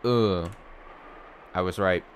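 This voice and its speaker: Low-voiced man reading a game aloud. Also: takes it slowly, a little hiss or hum. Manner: reads narration, then breaks off to react and joke. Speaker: let's play streamer.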